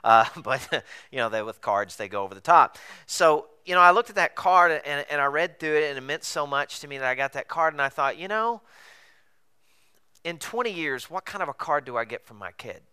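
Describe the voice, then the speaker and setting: A male pastor delivering a sermon in a conversational, animated way, full of rhetorical questions. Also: fairly high pitch, fairly quick, clean tone.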